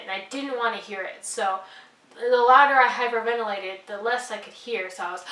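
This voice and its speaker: A woman's voice: on the high side, fairly bright tone, distant mic. Young woman, vlogger, earnest, apologetic, rambling, roomy echo. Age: young adult. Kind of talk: personal storytelling.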